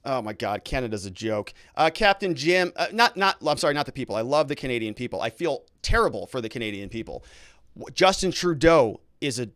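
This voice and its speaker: A man's voice: medium pitch, very animated, fairly quick, fairly bright tone, dry recording, studio quality. A man hosting a casual livestream, reading viewer comments aloud and answering them in a blunt, opinionated way with irritated asides. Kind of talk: casual live-stream commentary.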